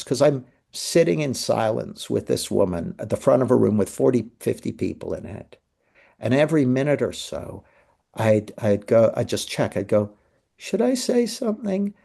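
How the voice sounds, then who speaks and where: A man's voice: medium pitch, vocal fry, warm tone. A middle-aged man hosting a live masterclass over a video call, telling stories in a conversational way and acting out what people said. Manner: conversational storytelling, acting out quoted voices. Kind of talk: live webinar talk.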